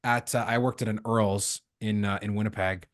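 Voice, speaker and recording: A man from Canada hosting a podcast, telling lively stories in a casual chat and acting out the lines of the people in them. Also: lowish voice, normal speed. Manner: lively storyteller acting out quoted dialogue. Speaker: podcast host.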